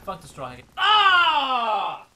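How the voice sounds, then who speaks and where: A man doing let's play commentary, loud and profane, yelling at the game as he plays. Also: high-pitched, expressive, normal speed. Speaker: gaming streamer.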